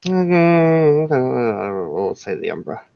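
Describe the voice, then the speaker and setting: A man slowly setting a scene for a tabletop role-play group, describing it in measured terms. His voice is dry and close, on a dull lo-fi recording. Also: medium pitch, sing-song, gravelly, dry recording. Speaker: storyteller. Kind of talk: casual tabletop game narration.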